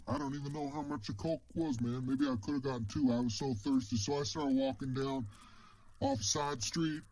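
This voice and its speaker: A man's voice: a little high, creaky, a little mellow, rough recording. A man telling a story casually in the first person, rambling and ending many phrases with "man".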